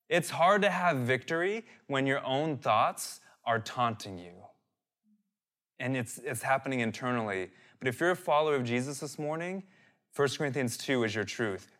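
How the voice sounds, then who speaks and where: A man preaching a sermon, animated and direct, reading out scripture and calling his listeners "guys". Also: medium pitch. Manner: reads and dramatizes scripture verses. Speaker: pastor.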